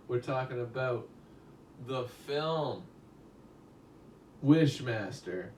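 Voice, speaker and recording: A chatty, rambling man reviews a movie on a live stream, talking straight to his viewers and swearing now and then. His voice sits at an ordinary middle pitch. It sounds roomy and somewhat distant from the mic, with a faint hum of ambience behind it. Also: expressive, slow pace, pauses often, darkish tone. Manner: rambling and chatty, swears casually, addresses chat directly.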